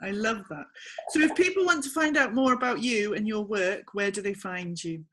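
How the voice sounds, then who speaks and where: A woman's voice: mid-range voice, normal speed, a bit bright. A woman hosting a casual interview, encouraging with brief affirmations. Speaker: interviewer, host.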